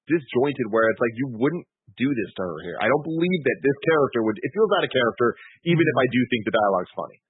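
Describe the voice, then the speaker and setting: A man with a mid-pitched, husky voice talks quickly, thinking aloud through his opinions. The sound is dry and phone-like. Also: very animated, dry recording. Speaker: podcast co-host. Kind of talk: casual film discussion.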